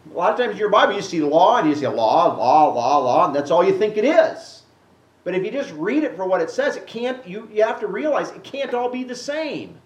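Animated male pastor teaching in an echoey hall. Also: sits high, brisk, dull audio. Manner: animated, acts out quotes with rising voice. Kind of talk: sermon Bible teaching. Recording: echoey room, mic at a distance.

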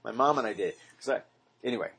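A man's voice: mid-range voice, racing, a bit bright, husky. A man teaching a small Bible study in earnest, often asking the group questions. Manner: earnest, asks the group questions, mimics repetitive praying.

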